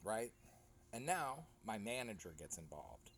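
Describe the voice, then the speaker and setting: Animated man recapping his soccer match. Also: fairly low pitch, measured pace, slight background noise. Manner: animated storytelling, acts out other players. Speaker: amateur soccer goalkeeper. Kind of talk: casual match recap commentary.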